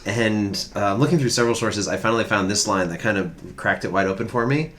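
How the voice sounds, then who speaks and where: A man's voice: fairly low pitch, quick pace, a bit bright. A man co-hosting a comedy trivia podcast, telling researched stories in a rambling, casual way. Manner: rambling, researched storytelling with fillers. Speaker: podcast co-host presenting trivia.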